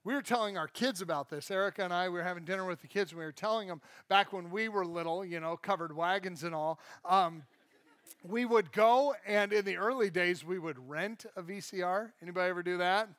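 A man's voice: high voice, brisk, fairly bright tone, dry recording. A male pastor preaching a live sermon at a church service, conversational and joking, with self-deprecating asides.

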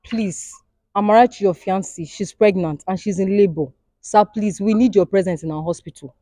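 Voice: mid-range voice, normal speed, mellow, no room sound, poor audio. A skit host, pleading earnestly and then speaking to viewers. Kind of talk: comedy skit, addressing viewers.

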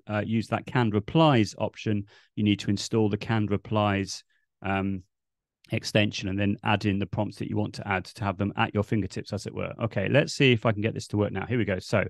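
Gravelly man presenting a webinar. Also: on the low side, no echo, clean studio sound. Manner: relaxed, explanatory, demonstrating on screen. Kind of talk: live online teaching webinar.

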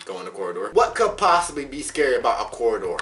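A man doing a let's play commentary, excitable and swearing a lot, yelping and shouting in surprise. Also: medium pitch, rapid-fire, distant mic. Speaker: gamer.

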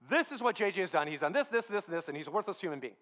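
A man's voice: high voice, animated, racing, a bit bright. A man voicing Satan as a scornful courtroom accuser, rattling off faults in a sermon story.

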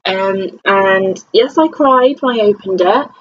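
A woman's voice: mid-range voice, slow, dull audio, faint music behind. A tired young woman from England chatting to camera in a rambling, self-deprecating vlog. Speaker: vlogger. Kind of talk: casual chat to camera.

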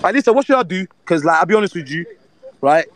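A man's voice: high voice, expressive, fast talker, fairly bright tone, low-quality recording. A man on a street livestream, urgently bossing his friends around outdoors by a car. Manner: pushy, urgent, talks over others. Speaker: livestreamer organizing a street fight.

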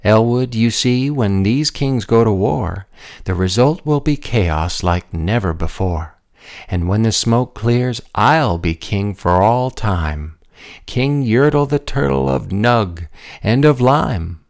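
A man's voice: lowish voice, lively intonation, slow, creaky, a little mellow, exaggerated voice. A man voicing a sly scheming turtle advisor. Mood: gloating. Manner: gloating, conniving.

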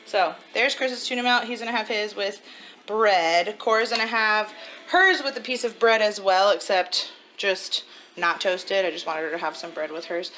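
A woman's voice: mid-range voice, moderate pace, soft background music, poor audio. A woman in her twenties chatting casually in a family vlog. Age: 20s. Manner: chatty, animated talk to a toddler. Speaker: vlogger.

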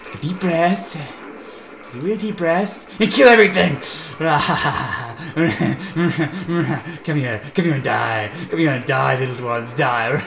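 A young man doing let's play commentary, ranting in frustration at a racing game and mixing shouts with laughter. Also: fairly high pitch. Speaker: gameplay commentator. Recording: echoey room with game music.

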